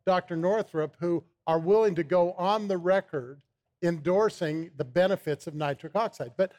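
A man's voice: high voice, normal speed, darkish tone. A man, a guest on a talk show, eagerly explaining a supplement, often repeating his first words. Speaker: supplement company founder, guest.

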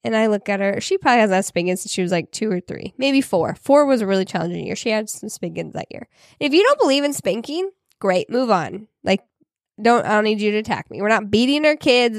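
A woman's voice: mid-range voice, no room sound, clean studio sound. A woman co-hosting a podcast, talking in casual chat with many fillers. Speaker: podcast co-host.

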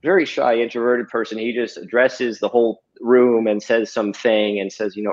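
A man's voice: mid-range voice, moderate pace, hardly any pauses. A man, a hypnotist guest, telling a story casually and animatedly, with lots of fillers and some swearing, over a video call. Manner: animated, profane, filler-heavy. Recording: dull lo-fi audio.

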